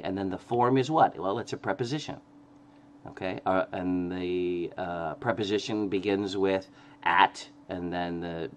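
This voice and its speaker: Lower-voiced man giving a grammar lecture. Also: slight background noise. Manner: explains step by step with frequent "okay?" checks and self-corrections. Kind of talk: recorded classroom lecture.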